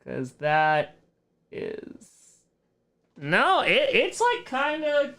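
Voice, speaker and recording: A man's voice: very high-pitched, wildly swooping pitch, drawn-out words, gravelly, pushed and bright. A man hosting a casual livestream Q&A, rambling, breaking off mid-sentence and laughing often, turning earnest when he gives his opinions. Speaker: streamer host.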